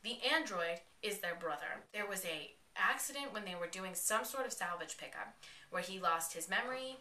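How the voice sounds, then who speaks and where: A young woman hosting a casual podcast, excitedly recapping a TV episode and quoting the characters in quick bursts, with some swearing. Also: fairly low pitch. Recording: echoey room.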